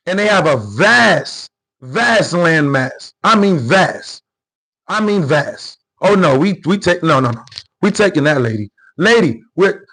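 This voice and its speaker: High-voiced, fired-up New man. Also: rough recording. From New York. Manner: animated, repetitive, slangy and confrontational. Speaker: political commentary host. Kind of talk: unscripted political commentary.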